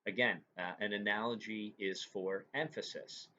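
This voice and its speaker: A man's voice: lowish voice, fairly even intonation, moderate pace, sharp tone. A man teaching a lecture, explaining terms step by step and often checking in with "right?". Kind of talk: recorded classroom lecture. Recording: dull lo-fi recording with faint noise.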